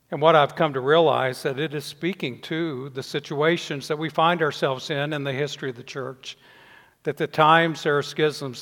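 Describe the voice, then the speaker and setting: An older man preaching a sermon, measured, letting his voice fall softly at the ends of phrases. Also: a little high. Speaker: pastor. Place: church sanctuary. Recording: long reverb in a church hall.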